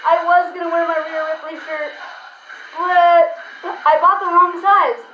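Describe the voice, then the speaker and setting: A young woman hosting a casual wrestling reaction vlog, talking fast and excitedly, rambling with lots of fillers. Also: very high voice. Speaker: wrestling reaction channel host. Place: room at home. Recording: echoey room, slightly dull sound, faint noise.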